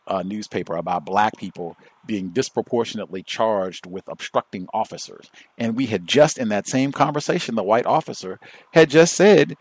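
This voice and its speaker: A low-voiced man hosts a call-in show and delivers steady, emphatic commentary. He draws out important words slowly. The sound is dry and close on the mic. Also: no echo.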